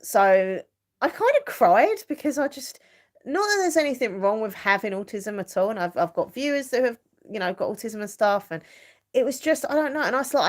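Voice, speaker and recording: A woman's voice: fairly high pitch, expressive, fairly quick. A middle-aged woman rambling chattily as a live stream host, full of fillers and ready laughs. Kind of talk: casual chat.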